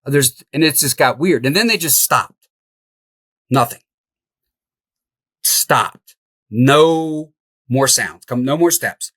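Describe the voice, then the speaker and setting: Middle-aged male guest, lively raconteur with a mid-range voice, dry close sound. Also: mid-range voice, takes it slowly, pauses often, dry recording. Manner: animated, laughs through the tale. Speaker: podcast guest, house flipper. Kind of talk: storytelling in an interview.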